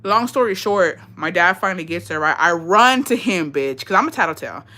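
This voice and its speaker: Bright-voiced young woman telling a profane story. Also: lowish voice, a little fast. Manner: profane, animated, mixes in Spanish phrases. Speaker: livestreamer. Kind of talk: casual storytelling to viewers.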